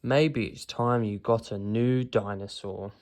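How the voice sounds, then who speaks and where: A jolly father pig from a picture book, read by a man close to his own voice. He grumbles a little and speaks slowly, with a gravelly texture. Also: fairly low pitch, fairly even intonation, a little mellow. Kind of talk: storybook reading.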